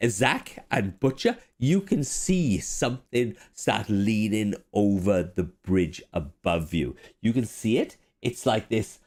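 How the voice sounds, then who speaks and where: A man narrating a tabletop game as dungeon master, animated and halting, often restarting his sentences. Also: on the low side. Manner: animated, halting, swearing casually.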